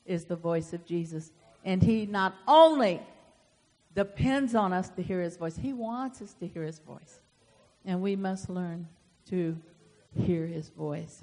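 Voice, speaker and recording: Woman pastor preaching in a reverberant church. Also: on the low side. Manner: emphatic preaching with sudden loud swells and soft asides. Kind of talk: sermon. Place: church sanctuary. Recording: long hall reverb.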